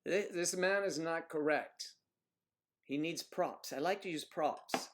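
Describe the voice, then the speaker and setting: A man's voice: a little high, slow pace, a bit bright. Joking man rambling on a livestream. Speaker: livestream host. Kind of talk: casual livestream chat.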